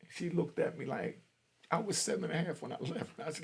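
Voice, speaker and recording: A man's voice: a little high, quick pace, creaky, breathy edge. A man in his fifties from Jamaica giving blunt, streetwise warnings in a commentary vlog, outdoors on a street. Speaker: vlogger.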